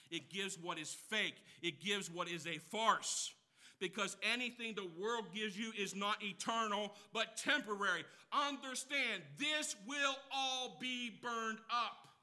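A man preaching a sermon as pastor. He counts off numbered points, asks the congregation questions and drops from loud emphasis to hushed asides. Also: high voice.

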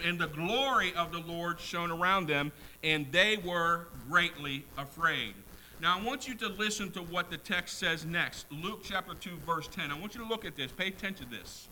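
Emphatic high-voiced preacher man, bright tone. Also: a little hiss or hum, low-quality recording. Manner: emphatic, repeats key words, asks the congregation questions. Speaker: pastor. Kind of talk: sermon.

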